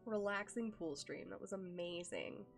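A woman's voice: medium pitch, normal speed, vocal fry, faint music behind. Gushing, affectionate young woman streamer. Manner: gushing and affectionate, lots of ums and likes. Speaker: live streamer. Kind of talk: casual chat with viewers.

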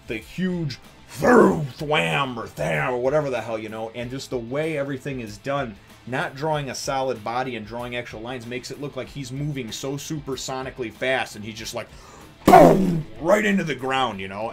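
Rambling, animated man reviewing manga. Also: mid-range voice. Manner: rambling, animated, swears casually, many fillers and restarts. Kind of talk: casual video review.

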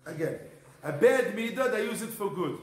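A man's voice: high voice, animated, moderate pace. A man, a rabbi, teaching a Torah class in an emphatic, repetitive manner, his English mixed with Hebrew terms. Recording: echoey room.

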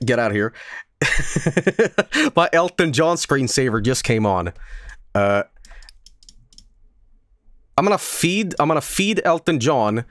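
A man's voice: mid-range voice, a bit bright, no echo. A man chatting on a live stream, crude and joking, on a close desk mic. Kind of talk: casual live-stream chat.

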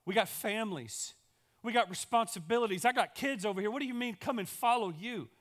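A man's voice: high voice, lively intonation, fairly quick, voice pushed up. Skeptical working men with families push back in an everyday, reasoning tone, voiced by a man preaching. They sound puzzled and practical rather than hostile. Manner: casual, reasoning objections.

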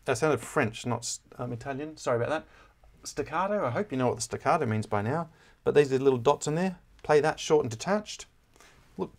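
A man explaining a musical score in a relaxed, chatty way, often pausing with fillers and correcting himself as he goes. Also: a little high. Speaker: music teacher. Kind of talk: casual score walkthrough.

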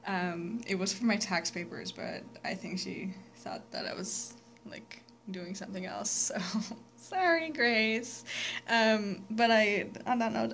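A woman's voice: mid-range voice, slight background noise. A young woman chatting casually in a vlog, rambling with lots of fillers and restarts. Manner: rambling, many fillers and self-corrections. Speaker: vlogger.

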